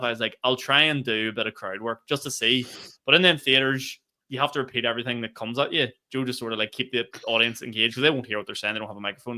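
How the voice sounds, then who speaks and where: A man tells gig stories on a casual podcast, talking quickly and laughing through his lines. His voice is bright and forceful, and his delivery is lively and loose. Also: medium pitch, clean tone. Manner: animated storyteller, laughs mid-sentence, swears freely. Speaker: podcast co-host, stand-up comedian.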